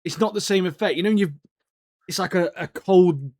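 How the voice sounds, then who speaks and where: A man's voice: high-pitched, moderate pace, a little mellow. A man, co-hosting a podcast in casual, jokey banter and ending phrases with "mate". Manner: laid-back and jokey, ends phrases with "mate". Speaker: podcast co-host. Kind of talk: casual banter about anime and TV.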